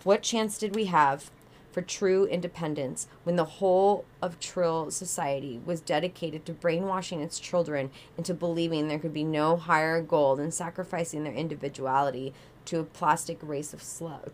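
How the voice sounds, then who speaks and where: A young female Trill ensign from a storybook, guarded and defiant, with a low voice and terse, bitter lines. A woman reads her part aloud. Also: steady tone, moderate pace, a little hiss or hum, natural voice.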